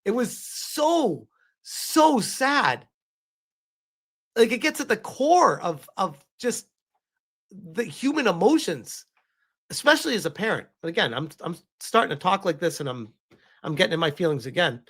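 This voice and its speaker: A man's voice: high voice, big pitch swings, a little slow, fairly bright tone. A man commenting live on a stream, emotional and rambling, often restarting his sentences.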